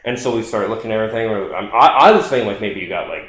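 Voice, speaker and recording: A man's voice: lowish voice, racing, crowd noise. A man co-hosting a podcast, chiming in casually and swearing now and then. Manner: relaxed, interjects with short agreements, swears casually. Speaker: podcast co-host. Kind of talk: casual chat. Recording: echoey room.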